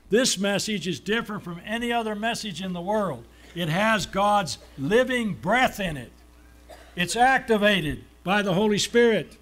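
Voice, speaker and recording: A high-voiced man preaches, answering his own questions and slowing down to underline crucial words.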